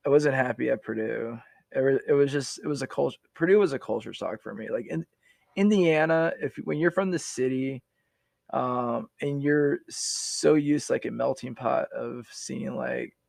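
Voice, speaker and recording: A man's voice: mid-range voice, moderate pace, creaky, a little mellow, no room sound. A man in his forties, a veteran guest on a podcast, telling his story in a rambling, casual way with many restarts and fillers.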